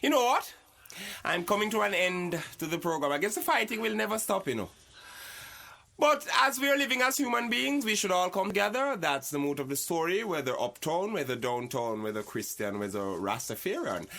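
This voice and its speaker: Shrill, piercing voice as a pompous talk show host in a comedy sketch. He swings up and down in pitch, flustered and full of his own intelligence. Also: animated, brisk, creaky, exaggerated voice. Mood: alarmed. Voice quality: high, bright and shrill. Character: excitable male talk show host who preaches unity.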